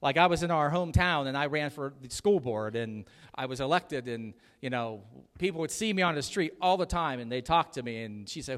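A middle-aged man preaches a conversational sermon from the pulpit, teasing his congregation and asking them to answer back. His voice sits a little high and moves up and down a lot. The sound carries the long reverb of a large church sanctuary. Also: animated, brisk, few pauses, a bit bright. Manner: chatty, jokey preaching with audience call-outs. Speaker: pastor.

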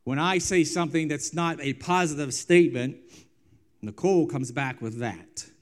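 A man preaching a sermon as pastor, moving between loud, emphatic lines and quiet, hushed ones, with drawn-out phrasing and repeated refrains. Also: a little high.

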